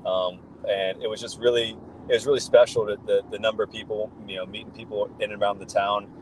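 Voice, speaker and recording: Low-voiced man, chatty and enthusiastic. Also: flat delivery, fast, a little hiss or hum, poor audio. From United States. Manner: rambling, enthusiastic storytelling with many fillers. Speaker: guest, football fan. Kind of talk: casual podcast chat.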